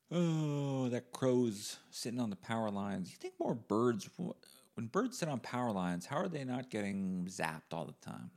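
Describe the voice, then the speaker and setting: A male podcast host giving a rambling, profane solo monologue in a deadpan comic way. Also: mid-range voice, a little slow.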